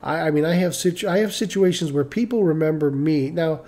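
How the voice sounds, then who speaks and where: A man's voice: fairly high pitch, a little fast, warm tone. A middle-aged man from Michigan telling a personal story in casual, rambling talk on a live stream, full of restarts and asides.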